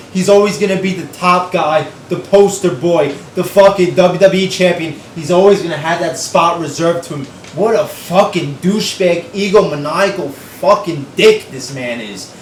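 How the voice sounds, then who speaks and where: A man's voice: sits high, echoey room, far from the mic, slight background noise, low-quality recording. A young man giving a profane, exasperated, sarcastic recap of a wrestling show.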